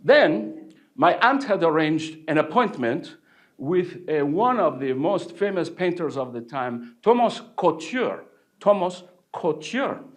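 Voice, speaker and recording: A man performing a playful, theatrical French painter who recounts his youth with animated glee and teases the crowd. His voice sits high and swings widely, full of bounce and drama. It is a live one-man stage show in a hall. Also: takes it slowly. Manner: animated, joking with the audience. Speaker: actor portraying a painter. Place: village hall, live audience.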